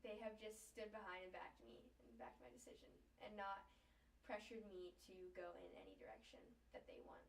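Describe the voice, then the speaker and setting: A woman's voice: mid-range voice, expressive, fairly quick, gravelly. Chatty young woman in an echoey room. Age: young adult. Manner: chatty, lots of "like" fillers, emotional. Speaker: guest, Olympic skateboarder. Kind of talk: casual interview storytelling. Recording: echoey room, distant mic, faint noise.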